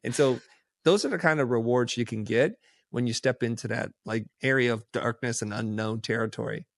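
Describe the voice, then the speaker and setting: Male podcast guest, middle pitch, animated storyteller who acts out dialogue, dry close mic. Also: brisk, gravelly, no room sound. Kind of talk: casual storytelling.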